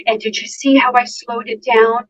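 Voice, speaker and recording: A woman's voice: fairly high pitch, flat delivery, normal speed, poor audio. A woman nurse, a guest on a podcast interview, giving earnest, emphatic advice and speaking directly to listeners. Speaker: guest nurse and dementia care educator.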